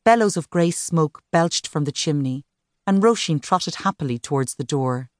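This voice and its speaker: A woman narrating a novel as an audiobook in a measured, even way, recorded on a close studio microphone. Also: low-pitched, no room sound. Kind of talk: scripted narration.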